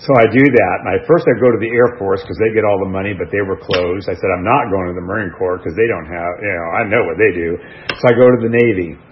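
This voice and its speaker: A man's voice: low voice, quick pace, few pauses, slight background noise. A middle-aged American man candidly telling his own recovery story in a rambling, self-deprecating way, with restarts and asides. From United States. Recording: dull lo-fi radio sound.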